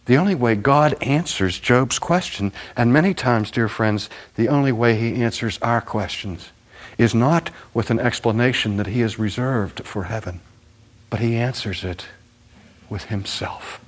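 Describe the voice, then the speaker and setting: A man preaching a sermon with a dramatic, emphatic delivery that ranges from loud to hushed. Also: medium pitch, measured pace.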